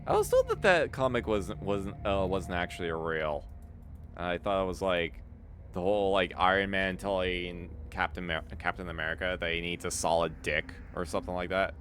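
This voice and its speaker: Here a young man with a low-sitting voice talks at a moderate pace while streaming a game, swearing and laughing freely in an animated way. Game music plays under his casual commentary, and there's a slight hiss or hum.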